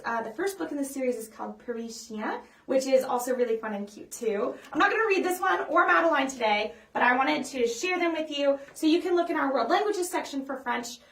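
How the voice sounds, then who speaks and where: A high-pitched woman running a children's storytime, talking in a chatty, upbeat way full of ums and small restarts. She stands a little away from the microphone, so her voice sounds distant, and the room around her is echoey. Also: fairly bright tone. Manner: sings simple songs slowly for kids to follow. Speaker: children's librarian leading storytime. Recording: echoey room, voice a bit far from the mic.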